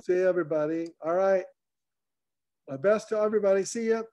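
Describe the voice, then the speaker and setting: Host type: man, mellow and slightly high, rambling with restarts over a call line. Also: a little fast, muffled recording. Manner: loose and repetitive, restarts phrases. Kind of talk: live group call.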